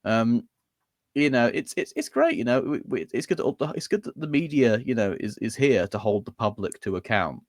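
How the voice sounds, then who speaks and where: A man's voice: medium pitch, big pitch swings, fairly quick, no room sound, studio quality. A man co-hosting a podcast, sarcastic and rambling with lots of fillers. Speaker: podcast co-host. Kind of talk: ranty casual chat.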